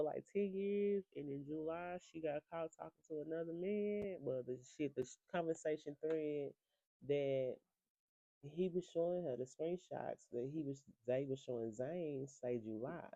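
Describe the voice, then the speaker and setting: Gravelly gossipy recap voice, super dark and dry, cussing and cackling a lot. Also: medium pitch, no echo, highs cut off. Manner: profane, sassy, laughs often. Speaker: reality TV recap reviewer.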